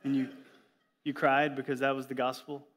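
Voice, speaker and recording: A middle-aged man, a pastor, preaching a sermon in a church with a lively, joking storytelling manner. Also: mid-range voice, normal speed, a little hiss or hum.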